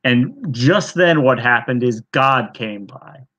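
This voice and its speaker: A man's voice: medium pitch, animated, slow, sharp tone. A man giving a mock-earnest, sarcastic retelling on a livestream, rambling with many fillers.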